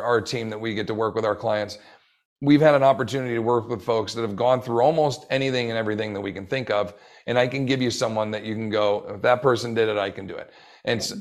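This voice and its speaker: A man in his forties, a fitness coach for older adults, talking enthusiastically as a podcast guest and acting out bits of dialogue. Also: mid-range voice. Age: 40s. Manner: enthusiastic, rambling, acts out quoted dialogue.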